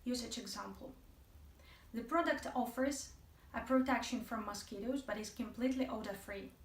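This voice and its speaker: A woman's voice: on the high side, normal speed, distant mic. A woman teaching an English video lesson, chatty and playful, speaking straight to her viewers. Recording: echoey room, voice from off the mic.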